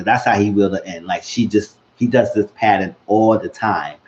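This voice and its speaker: Animated man recapping a TV episode. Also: fairly low pitch, fairly quick, lo-fi sound. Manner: animated, acts out characters' lines. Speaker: show recap vlogger.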